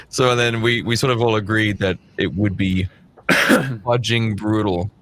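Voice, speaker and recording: A man's voice: on the low side, fairly even intonation, moderate pace, fairly bright tone. A man guest talking loosely in casual chat, swearing offhandedly. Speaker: guest band member.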